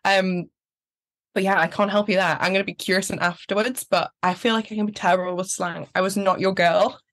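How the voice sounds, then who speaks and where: Young woman, soft Geordie accent, chatty, laughs easily, casual interview guest, middle-pitched voice. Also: fairly even intonation, quick pace. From Newcastle, England. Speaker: guest, pageant finalist.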